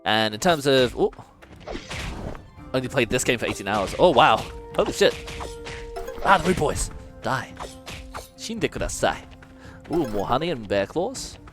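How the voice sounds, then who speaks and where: A man chatting casually as he plays a game on stream, playful and loose-tongued with plenty of swearing. His voice sits at an ordinary middle pitch but leaps around expressively. Soft music plays faintly behind him. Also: sing-song, unhurried, long pauses. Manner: playful, swears freely, muses aloud while playing. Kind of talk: casual gameplay commentary.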